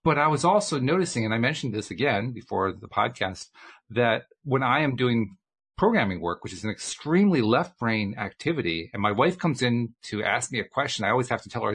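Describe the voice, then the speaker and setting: Husky-voiced man hosting a chatty show. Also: mid-range voice, very animated, a little fast, a bit bright. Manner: chatty, self-deprecating, with restarts. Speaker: podcast host. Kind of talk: casual chat.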